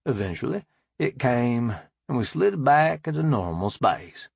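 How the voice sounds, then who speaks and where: A man's voice: mid-range voice, very animated, unhurried, gravelly, darkish tone, slightly rough, dry recording. A man narrating a first-person audiobook in an easygoing, matter-of-fact way, close to the mic.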